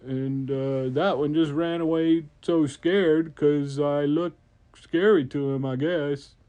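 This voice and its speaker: A huge, lonely dragon who only wants friends, cheerful and eager to please, as a man puts him on. He speaks slowly and in a slightly high voice. It sounds like a bedtime story told at home. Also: steady tone, mellow, clean tone. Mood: friendly, lonely.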